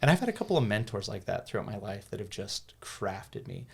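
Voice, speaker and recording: A man's voice: fairly low pitch, sing-song, a little fast, vocal fry, slightly rough. An American man in his thirties, a podcast guest telling a personal story in earnest, casual talk with many restarts and repeated words. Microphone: podcast studio microphone.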